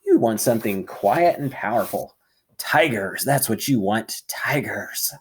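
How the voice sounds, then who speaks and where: A man's voice: fairly low pitch, animated, unhurried, a little hiss or hum. A man voicing a sly, salesman-like male tempter who wheedles and offers gifts, in a read-aloud storybook. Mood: wheedling.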